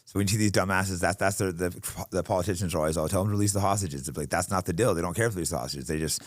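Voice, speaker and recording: A man's voice: low voice, racing, no room sound. A man hosting a podcast in a studio, talking bluntly and heatedly in casual conversation. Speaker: podcast host.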